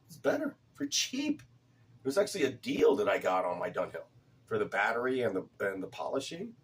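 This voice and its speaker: A man's voice: on the low side, sing-song, fast talker, far from the mic. A man chatting casually in a vlog, rambling, repeating words and swearing now and then. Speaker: cigar vlogger. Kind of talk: casual chat.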